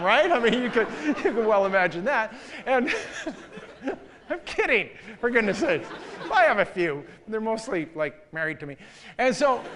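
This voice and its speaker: A middle-aged pastor preaching a sermon, telling a story with animated delivery and laughing along at it. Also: male voice, extremely high pitch.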